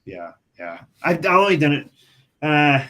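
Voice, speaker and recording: A man who cleans windows, co-hosting a podcast in relaxed casual chat and asking his partner questions. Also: on the high side, unhurried. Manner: relaxed, asks questions, laughs along.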